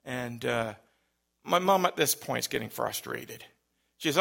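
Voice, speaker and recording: Man, middle-aged, storytelling, bright, gravelly, unhurried. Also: mid-range voice, expressive. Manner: unhurried, warm anecdotal telling with fillers. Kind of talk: personal storytelling.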